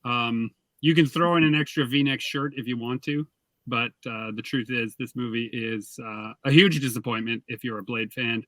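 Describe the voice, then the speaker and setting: A man reviewing a film in a casual chat, dropping wry, deadpan jokes. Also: mid-range voice, moderate pace, no echo.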